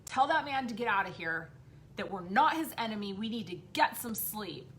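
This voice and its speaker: A woman's voice: mid-range voice, expressive, normal speed, a bit bright, a little hiss or hum, natural voice. A woman quoting her sleepy young son as he urgently insists a stranger leave.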